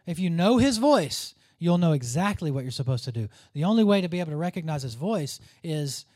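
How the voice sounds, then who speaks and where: A man's voice: fairly high pitch, sing-song, brisk, warm tone, no room sound, studio quality. A man preaching a conversational sermon, dropping to a near whisper at tender moments. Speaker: pastor.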